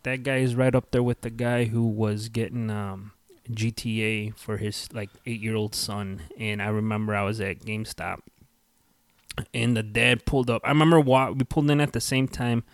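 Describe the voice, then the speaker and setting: A man's voice: fairly low pitch, moderate pace, no room sound. A man co-hosting a casual chat, telling stories and acting out the people in them. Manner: animated storyteller who acts out quotes. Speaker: podcast co-host.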